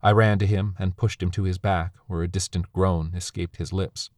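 A man reading a first-person story aloud in a measured, somber way. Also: deep voice, fairly even intonation, a little mellow, no room sound, clean studio sound. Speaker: narrator.

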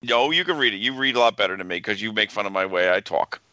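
A man co-hosting a casual podcast, talking in a halting, stuttery way and stumbling over words as he reads. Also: on the low side, lively intonation, bright, forceful tone, dry recording, muffled recording. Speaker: podcast co-host.

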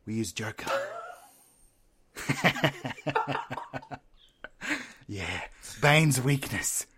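A man improvising a comedy bit, loud and goofy, jumping into shouted character voices. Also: fairly low pitch, noisy background.

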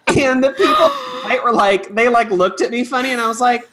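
A woman's voice: on the high side, wildly swooping pitch, fairly quick, a bit bright, slight background noise. A woman who teaches music, chatting casually as a podcast guest, rambling and laughing often with lots of fillers. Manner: giggly, rambling storyteller with many fillers.

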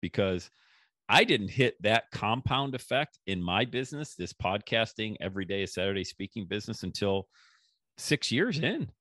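Podcast host guy, lively swingy voice, kinda low, dry sound. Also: normal speed, no echo. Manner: animated, acts out quoted voices. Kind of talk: casual storytelling chat.

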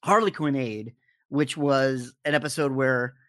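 A man in casual podcast chat, an animated storyteller who acts out the lines he quotes. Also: medium pitch, measured pace, dry recording, clean studio sound. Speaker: podcast co-host.

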